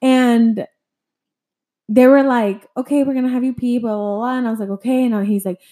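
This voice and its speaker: A woman's voice: a little high, steady tone, moderate pace, dark tone. A young woman telling a personal story in casual chat, rambling, filler-heavy and swearing freely. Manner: chatty storytelling full of "like" and swearing.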